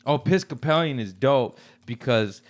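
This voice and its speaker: A man's voice: medium pitch, expressive, moderate pace. A man in crude, profane comic banter, teasing and laughing often.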